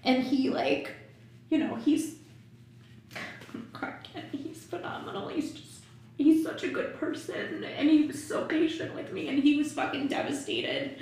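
A woman's voice: high voice, fairly even intonation, a little slow, vocal fry, a little mellow. A woman in her thirties, a podcast guest telling a personal story frankly, swearing freely and laughing often. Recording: very echoey room, faint noise.

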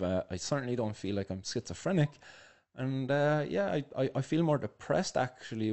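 A young man hosting a podcast, giving casual, sarcastic commentary in a halting way with many fillers and restarts. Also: on the low side, a little mellow. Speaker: podcast host.

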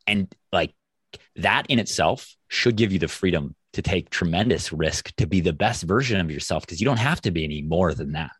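A man's voice: low voice, expressive, moderate pace, a bit bright, husky, dry recording, clean studio sound. A man hosting an interview, reflective and affirming as he responds to his guest. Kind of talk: conversational interview.

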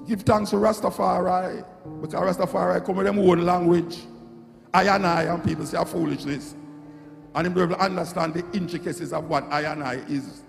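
A man's voice: high voice, fairly even intonation, brisk, vocal fry. A middle-aged Jamaican man giving an impassioned, preachy monologue, repeating phrases to drive his points home. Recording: echoey hall with loud music.

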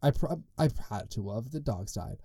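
A man's voice: medium pitch, animated, moderate pace, dark tone, slightly rough, no echo, clean studio sound. A young man hosting a solo podcast, telling stories in a chatty, rambling way full of "like" and side tangents. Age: young adult. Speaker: podcast host. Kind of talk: casual solo podcast storytelling.

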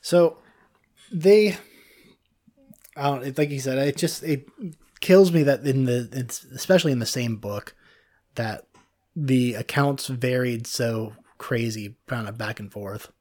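A man hosting a casual podcast in a studio, rambling through halting restarts, swearing freely and laughing often. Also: mid-range voice, darkish tone. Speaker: podcast co-host. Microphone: studio microphone.

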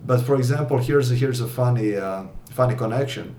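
A man's voice: medium pitch, brisk, darkish tone. Man talking music in an echoey room. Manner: hesitant, many fillers and restarts. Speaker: podcast co-host. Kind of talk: casual chat about rock music. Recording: echoey room with faint noise.

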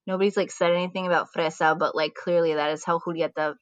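A woman's voice: lowish voice, fairly even intonation, fast, dry recording. A woman co-hosting a podcast, recapping a show in casual, chatty talk full of "like". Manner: chatty, lots of "like". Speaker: podcast co-host. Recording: dull, dry lo-fi recording.

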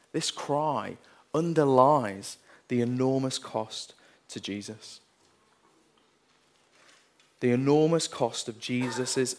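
Guy preaching a sermon, earnest, gets intense reading scripture. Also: mid-range voice.

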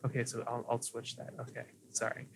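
A man's voice: medium pitch, completely flat delivery, a little fast, gravelly, noisy background. A young man narrating as game master of a tabletop game, hesitant and nervous, with many fillers.

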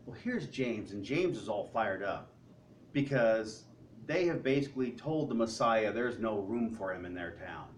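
A male pastor preaching a sermon in an animated, conversational way. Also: on the low side, a little slow. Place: church sanctuary. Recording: distant mic with faint room noise.

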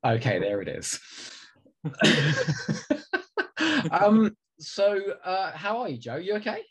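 A man's voice: sits high, sing-song, slow pace, slightly rough. A man co-hosting a podcast in casual comedic chat, teasing his partner and giggling often. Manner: teasing, giggly, playful banter. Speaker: podcast co-host.

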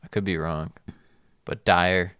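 Male podcast co-host, low clear voice, dry close sound, loose rambling chat. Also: takes it slowly, dry recording. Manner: relaxed, rambling, laughs often. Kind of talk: casual sports chat.

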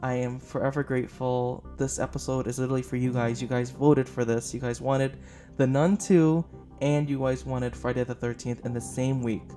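A man's voice: mid-range voice, flat delivery, normal speed, dark tone, soft background music. A man hosting a casual podcast film review, rambling and gushing with many fillers, tired and up late. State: short on sleep, up late. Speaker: podcast host.

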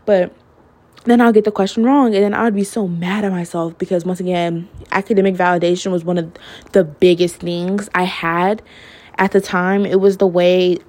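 This young woman podcast host speaks at a moderate pace in a low, darkish voice with a steady tone. Her casual solo monologue is candid and chatty, packed with "like" and "literally," broken by the odd laugh.

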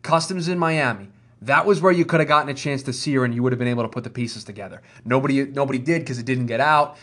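A man co-hosting a podcast, talking fast and emphatically in casual chat and building to a rant. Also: mid-range voice, a bit bright. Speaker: podcast co-host. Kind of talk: casual wrestling talk.

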